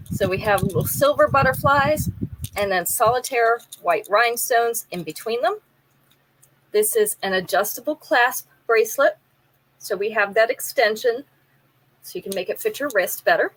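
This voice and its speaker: On a low-quality recording, a woman with a fairly high, slightly bright voice hosts a live jewelry sale. She chats casually, describes the pieces in detail, and runs a trivia game with viewers.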